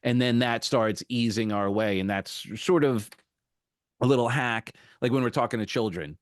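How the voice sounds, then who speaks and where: A man hosting an interview podcast over a video call, musing and telling stories in a relaxed conversational way. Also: mid-range voice, normal speed, no room sound. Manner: reflective, storytelling with acted quotes. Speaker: podcast host.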